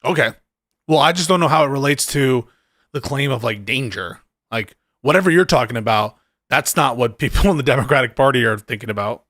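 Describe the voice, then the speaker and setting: A man's voice: mid-range voice, lively intonation, brisk, fairly bright tone, dry recording, studio quality. A man hosting a livestream debate, hesitant and questioning, with occasional casual swearing. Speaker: streamer host.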